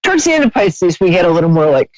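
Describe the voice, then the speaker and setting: A woman's voice: lowish voice, sing-song, rapid-fire, no room sound, poor audio. Woman, psychic radio host, chatty, laughs a lot, dry close sound. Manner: chatty, warm-hearted, laughs often, trailing restarts. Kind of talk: live call-in psychic reading.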